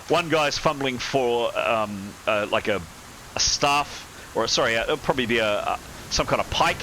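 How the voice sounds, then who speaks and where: A man guiding his players through a tabletop adventure as game master. His voice is bright and forward, at a middle pitch, and his narration is lively. There is a faint hiss of noise behind him. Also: moderate pace, low-quality recording. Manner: lively narration, shouting panicked sailors in character.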